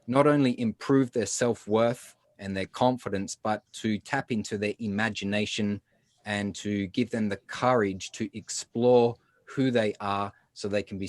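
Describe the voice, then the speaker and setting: A man's voice: lowish voice, fairly even intonation, normal speed, no echo. A man with an Australian accent giving a motivational talk, upbeat and drawing the audience in. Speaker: speaker.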